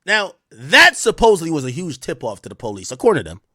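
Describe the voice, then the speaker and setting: Male streamer, mocking rant, bright and tense voice, very lively delivery. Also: a little high, fast talker, no echo, studio quality. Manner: sarcastic, mocking, swings between loud outbursts and muttered asides. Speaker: streamer and commentator. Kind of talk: animated live-stream commentary.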